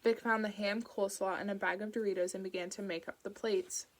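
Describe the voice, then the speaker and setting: A woman's voice: mid-range voice, steady tone, brisk. Woman reading a novel aloud. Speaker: audiobook reader. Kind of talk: audiobook narration.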